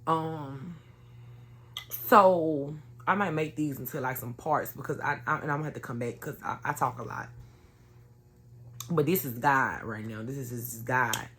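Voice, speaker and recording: A woman's voice: very deep voice, moderate pace, a bit bright, a little hiss or hum. A woman telling an emotional personal story to her viewers in an earnest, conversational way. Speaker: vlogger sharing a personal testimony.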